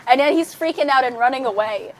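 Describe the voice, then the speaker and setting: A young woman hosts a loose chat among friends, telling a story and giggling as she goes. Her voice sits a little high. A faint hiss runs behind her. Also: quick pace. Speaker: podcast host.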